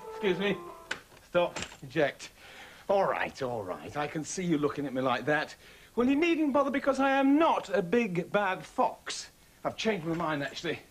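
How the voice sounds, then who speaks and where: A man hosts a children's comedy show in a fairly high, lively voice. He scolds and teases the puppets in a mock-stern, theatrical manner. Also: a little hiss or hum. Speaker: children's TV host.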